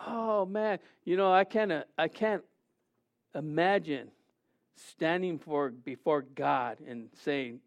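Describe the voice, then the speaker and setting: A man preaching a sermon, animated and conversational, often acting out quotes in a raised voice. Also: fairly high pitch, slow. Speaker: pastor. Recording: dull lo-fi sound.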